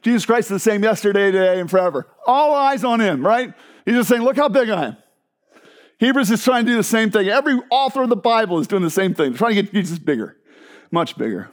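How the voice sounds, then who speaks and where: A male pastor delivers a sermon with a slightly higher voice. He shifts from loud, emphatic proclamation to quiet, hushed passages and talks to his listeners in an excited, conversational way. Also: fast. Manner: excited, conversational preaching with asides to the congregation.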